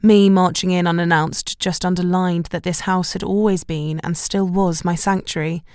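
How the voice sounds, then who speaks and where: Female audiobook narrator, first-person, wry; low, gravelly, dry close read. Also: level tone, normal speed, darkish tone, dry recording.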